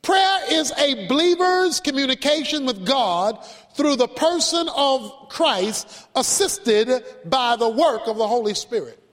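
A man delivers a sermon with strong emphasis, slowing for dramatic pauses and telling stories to make his points. His voice sits very high for a man. The sound carries a long reverb, as in a large hall. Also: animated, fairly bright tone. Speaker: pastor.

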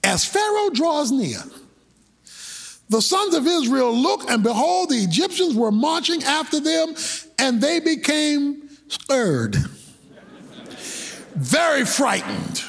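A male preacher delivering a sermon in an animated, colloquial style, breaking into shouted bursts. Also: very high voice, takes it slowly, vocal fry, pauses often.

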